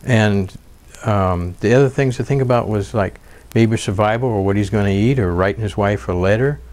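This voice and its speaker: Earnest storytelling man, low voice. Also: normal speed, darkish tone. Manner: earnest storytelling with fillers and restarts. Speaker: documentary narrator and interviewee. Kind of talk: interview and narration.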